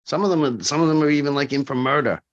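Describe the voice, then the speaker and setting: Animated man in his forties, lo-fi audio. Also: on the high side, quick pace. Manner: animated, acts out quoted people, frequent fillers. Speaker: corrections officer, podcast guest. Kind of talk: casual interview storytelling. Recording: dull lo-fi podcast audio.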